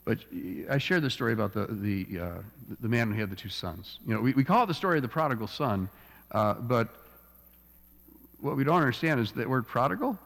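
A man's voice: medium pitch, expressive, fairly quick, creaky, a bit bright. A man preaching a sermon in a conversational way, often repeating words and checking in with "all right?". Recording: long reverb of a church hall.

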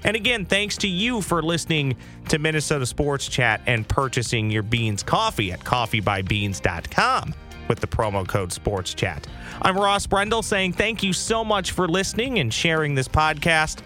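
A man hosting a casual sports podcast, joking around and swooping up in pitch. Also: moderate pace, faint music behind. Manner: jokey, animated, swoops up in pitch. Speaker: podcast host.

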